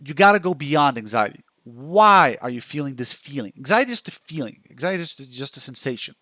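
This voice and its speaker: A man's voice: mid-range voice, big pitch swings, brisk, bright, forceful tone, no echo, clean studio sound. A young man giving casual self-help advice and talking through a post, chatty, with many restarts, acting out the thoughts he describes. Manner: chatty, restarts a lot, acts out inner thoughts. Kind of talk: casual talk reacting to a post.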